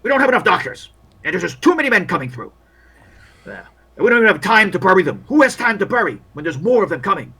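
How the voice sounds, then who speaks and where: A man's voice: high voice, sing-song, fast, sharp tone, breathy edge, pitched above the performer's own voice, full character voice. A man voicing a weary, bitter male army officer at a field hospital, who grumbles and then bursts out in complaints. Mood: exasperated. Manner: bitter, complaining, with rising outbursts.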